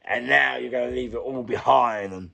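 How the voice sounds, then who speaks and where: A man's voice: medium pitch, moderate pace, vocal fry, bright, forceful tone. A middle-aged man with a London accent, an interview guest who tells his story in a rambling, candid way, repeating himself, searching for words and swearing freely. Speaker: interview guest, former prisoner.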